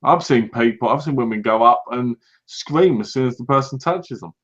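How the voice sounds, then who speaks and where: A British man co-hosting a casual podcast, telling lively anecdotes and acting out what other people said. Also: medium pitch, normal speed. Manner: animated anecdotes, acts out other people's lines. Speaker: podcast co-host. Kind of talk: casual chat, storytelling. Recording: dull lo-fi recording.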